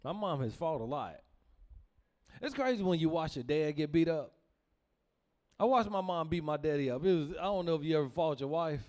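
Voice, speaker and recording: A young man telling stand-up stories, animated and laughing through his lines as he acts out his family. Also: on the high side, a little fast, long pauses. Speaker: stand-up comedian. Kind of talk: stand-up storytelling.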